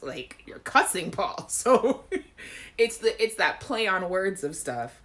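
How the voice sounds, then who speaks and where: A young woman with a Caribbean accent hosts a live chat show in a casual, animated way. Her voice sits low, and she laughs often and breaks into playful sung snippets while reading viewer comments. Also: unhurried. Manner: animated, laughs often, acts out song lines.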